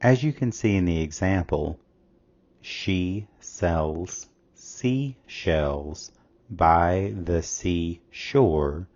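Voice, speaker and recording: Man, tutor, very low voice, measured, reads questions and answer choices aloud. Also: mellow, dull audio. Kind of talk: scripted test-prep lesson.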